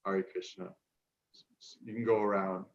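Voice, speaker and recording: A man's voice: sits low, flat delivery, a little slow. A man hosting an online gathering, talking casually with many fillers and restarts. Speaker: program host. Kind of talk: casual Zoom introductions. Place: New York City. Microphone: video call. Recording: dull lo-fi video call audio.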